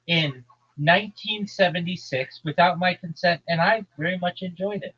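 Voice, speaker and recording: A man from New Jersey, hosting a livestream and ranting crudely in a loud, brash, profane comedic tone. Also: high voice, normal speed, breathy edge, lo-fi sound. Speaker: livestream host.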